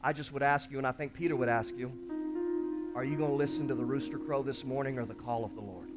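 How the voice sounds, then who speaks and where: A man's voice: mid-range voice, steady tone, fast, over loud music. A male pastor preaching an impassioned sermon, often calling out to the congregation.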